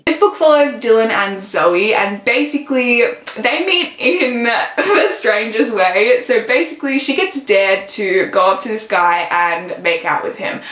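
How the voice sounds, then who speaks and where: A woman's voice: fairly high pitch, lively intonation, a little slow, fairly bright tone. Gushing teen woman, roomy sound. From Australia. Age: late teens. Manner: gushing, chatty, fond of "literally" and "so good". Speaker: book vlogger. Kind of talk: casual book recommendations.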